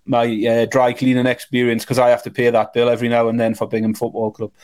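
A man's voice: mid-range voice, completely flat delivery, quick pace, darkish tone, smooth. Matter-of-fact male podcast co-host. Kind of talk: casual chat.

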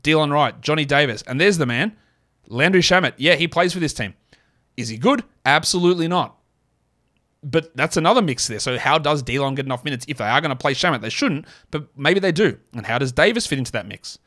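A man's voice: a little high, expressive, a bit bright. Opinionated man hosting a sports podcast. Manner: opinionated, quick asides, self-deprecating jokes. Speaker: podcast host. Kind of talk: solo fantasy basketball podcast.

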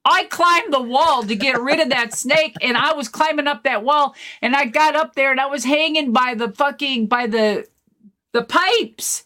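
A woman guest-hosting a podcast, telling stories in a rambling, animated way with lots of fillers and swearing. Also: sits high, normal speed. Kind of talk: casual storytelling chat.

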